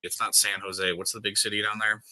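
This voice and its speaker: A man's voice: lowish voice, level tone, a little fast, bright, forceful tone, no room sound, low-quality recording. A young man from the States chatting casually, rambling with lots of fillers and restarts. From United States. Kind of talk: casual chat.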